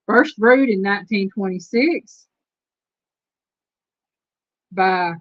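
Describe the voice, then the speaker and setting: A woman's voice: medium pitch, slow pace, no echo, highs cut off. A woman with a Southern Texas accent hosting a live stream, chatting casually and reading trivia questions aloud to her viewers. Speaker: host.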